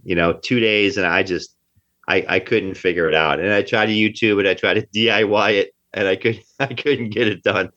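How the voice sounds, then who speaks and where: The speaker is a New Jersey actor in a casual interview, his lowish voice steady and sharp at a moderate pace. He's emphatic and repeats himself a lot, and the audio is dull and lo-fi.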